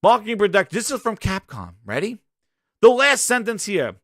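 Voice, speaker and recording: A man's voice: sits high, very animated, moderate pace, a bit bright, dry recording, studio quality. A young man hosting a gaming podcast, ranting emphatically and arguing straight at his listeners. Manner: emphatic, argumentative, addresses listeners directly. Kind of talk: animated opinion rant.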